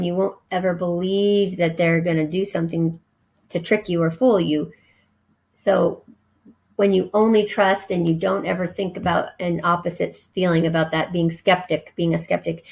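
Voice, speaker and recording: A woman's voice: lowish voice, vocal fry, darkish tone, rough recording. A woman teacher giving a recorded vocabulary lesson, spelling each word letter by letter and explaining its meaning. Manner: slow, spells words letter by letter.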